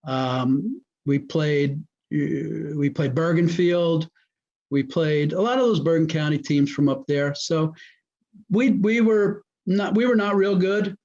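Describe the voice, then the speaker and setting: A man tells coaching stories with an animated delivery, slipping into the voices of the people he quotes. His voice sits a bit high for a man. The audio is muffled and lo-fi. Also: slow pace. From New Jersey. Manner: animated storyteller who acts out quoted dialogue. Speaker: guest, former high school football coach. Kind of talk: casual storytelling interview.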